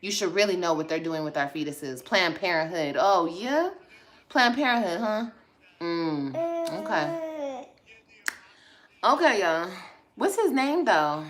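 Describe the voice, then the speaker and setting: A woman's voice: on the low side, animated, takes it slowly, long pauses. A woman vlogger chatting casually on a livestream, blunt, sassy and profane as she scolds viewers. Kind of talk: casual livestream chat replying to comments.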